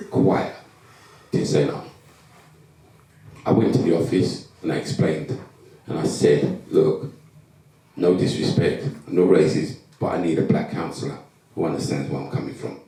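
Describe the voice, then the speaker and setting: This former footballer's voice sits low with vocal fry as he shares his life story before a live audience. Acting out the dialogue with animation, he's recorded on a far-off mic in an echoing event hall.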